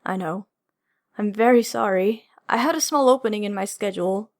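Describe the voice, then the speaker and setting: A woman's voice: mid-range voice, moderate pace, lightly acted. A woman reading the part of a grave male hero leader, speaking in an earnest, apologetic and insistent way in an audiobook. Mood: earnest pleading.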